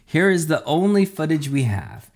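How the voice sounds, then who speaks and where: A man's voice: a little high, very animated, normal speed, voice pushed up. A man voicing a formal TV news anchor in a storybook reading. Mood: newsy.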